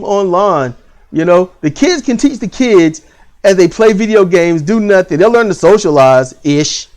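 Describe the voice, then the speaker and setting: A vlogger ranting bluntly about parenting and school in a casual, repetitive way, with lively rises in pitch. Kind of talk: opinion rant to camera.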